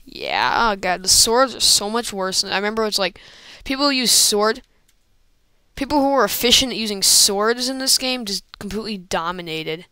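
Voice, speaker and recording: A woman commentates her own video game play into an old computer microphone, speaking at medium pitch and normal speed. The tone is clean with no room sound. She's excitable and rambling, with frequent exclamations and laughs.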